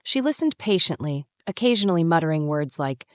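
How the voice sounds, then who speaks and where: Low-voiced woman narrating a story. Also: sing-song, brisk, no echo, clean studio sound. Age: 30s. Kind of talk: first-person story narration.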